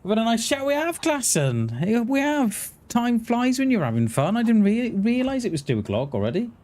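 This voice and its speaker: A man's voice: very high voice, sing-song, normal speed, darkish tone. A man streaming a survival game, chatting casually with his viewers in a rambling way, often restarting his words. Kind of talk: casual livestream chat while gaming.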